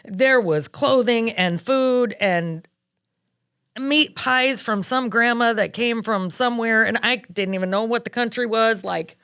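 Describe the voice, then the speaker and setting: A woman guest on a podcast interview, telling lively, animated stories about her work as a wedding planner. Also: a little high, a little slow, clean tone, no room sound, clean studio sound. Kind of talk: casual podcast interview storytelling.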